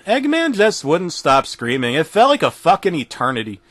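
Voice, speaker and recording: High-voiced man telling a crude comedy horror tale. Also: wildly swooping pitch, normal speed, fairly bright tone, no room sound. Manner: crude, profane storytelling. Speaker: narrator. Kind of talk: comedic horror story reading.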